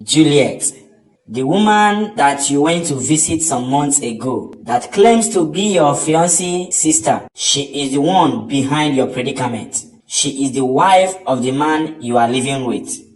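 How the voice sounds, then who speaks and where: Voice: mid-range voice, lively intonation, measured pace, close to an everyday voice. Someone doing a preachy cartoon pastor, sounds far off in an echoey room. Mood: solemn. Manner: solemn, preachy. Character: solemn church pastor with visions. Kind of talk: cartoon voice acting. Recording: roomy, distant mic.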